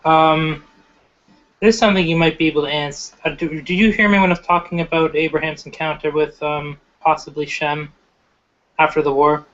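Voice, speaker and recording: Brief: inquisitive man, slightly high voice, stop-start delivery, lo-fi call audio. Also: steady tone, fairly bright tone. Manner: inquisitive, halting. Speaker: Bible study participant. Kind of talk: casual group discussion.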